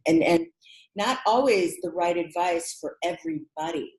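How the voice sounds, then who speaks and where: A middle-aged woman from the American Midwest, a podcast guest telling her career story in an animated, expressive way and acting out quotes. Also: lowish voice, normal speed. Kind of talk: conversational storytelling. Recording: roomy echo.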